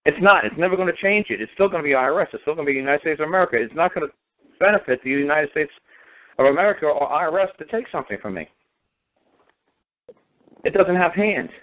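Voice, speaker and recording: A man's voice: a little high, expressive, quick pace, pauses often. Emphatic man on a phone line. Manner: emphatic, repetitive rhetorical questions. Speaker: speaker. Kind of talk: phone talk show discussion.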